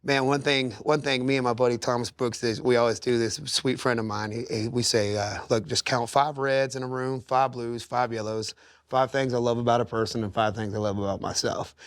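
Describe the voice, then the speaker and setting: An earnest man in his thirties talks openly as a podcast guest. He rambles, circles back and restarts his thoughts at a mid pitch, and the dry close mic carries no room sound. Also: fairly even intonation, brisk, no room sound. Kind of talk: candid conversational interview. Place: podcast studio.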